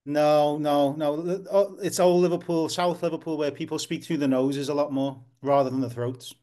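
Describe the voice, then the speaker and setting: A man, a football writer, talks as a podcast guest in a slightly high voice. He explains at length, restarting and correcting himself as he goes. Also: fairly even intonation, normal speed, mellow. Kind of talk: casual podcast interview.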